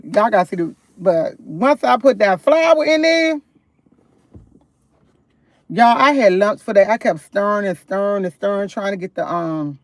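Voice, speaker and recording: A woman's voice: medium pitch, dry recording. Chatty woman rambling from her car. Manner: rambling, chatty, keeps addressing viewers as y'all; laughs often, animated when retelling. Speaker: livestreamer. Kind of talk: casual live-stream storytelling. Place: parked car.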